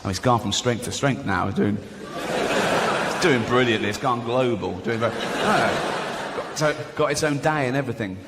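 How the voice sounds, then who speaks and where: A man performing a stand-up routine, deadpan storytelling with acted-out dialogue. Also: medium pitch. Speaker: stand-up comedian. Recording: reverberant venue, faint noise.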